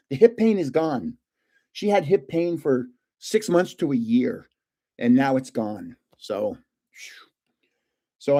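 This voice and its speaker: An older man hosts a live stream and wanders from one story to another, chuckling as he goes. His voice sits a little high and swoops around a lot. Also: darkish tone. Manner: rambling, jumps between stories, chuckles often.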